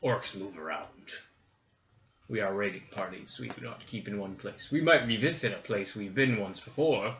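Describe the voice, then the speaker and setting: Guy putting on a gruff low orc warrior, stiff formal talk, dull echoey room sound. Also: fairly bright tone. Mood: stern. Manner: deep, slow and formal, speaks without contractions.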